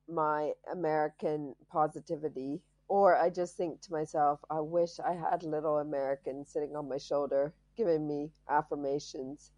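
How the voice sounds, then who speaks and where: Woman host, low-ish voice, playful banter, dry close sound, slightly tired voice. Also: a little mellow, no room sound. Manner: playful, joking. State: voice tiring. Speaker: podcast host. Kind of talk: casual chat.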